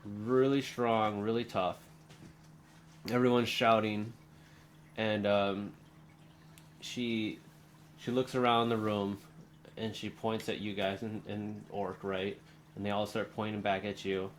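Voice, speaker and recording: A young man with a low voice runs a tabletop game as game master. He narrates loosely, stringing scenes together with plenty of ums and likes, over a faint hiss of noise. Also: flat delivery, slow, pauses often.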